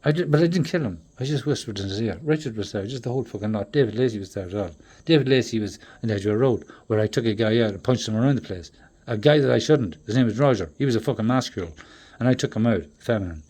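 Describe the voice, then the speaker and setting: Husky man rambling and swearing. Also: lowish voice, fast talker, hardly any pauses. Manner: swearing, rambling, swings from loud bursts to mutters. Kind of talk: rambling monologue to camera.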